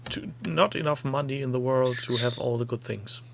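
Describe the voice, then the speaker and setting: A man's voice: mid-range voice, normal speed, vocal fry. A man with a German accent hosting a casual hobby video chat, chatty and laughing often. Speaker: host.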